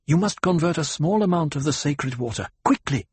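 A man's voice: a little high, expressive, brisk, husky, no echo, pitched above the performer's own voice. A man voicing a stern, commanding young desert woman in an audiobook reading, in a firm, clipped delivery.

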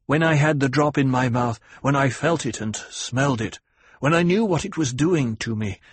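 A man voicing a weak but steady young visionary in an audiobook reading. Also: mid-range voice, normal speed, husky, no room sound, lightly acted. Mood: weary.

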